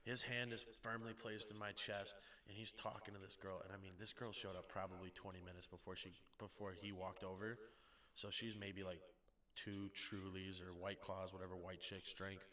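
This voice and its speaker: A young man, a podcast guest, telling a story in casual chat, animated and acting out the quotes. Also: low-pitched, normal speed. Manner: animated storytelling, acts out quotes, laughs often.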